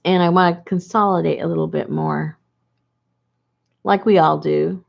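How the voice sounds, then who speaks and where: A woman's voice: on the low side, steady tone, moderate pace, creaky, dull audio. A woman hosting a casual live video chat, talking with viewers in a rambling, chatty way with frequent laughs.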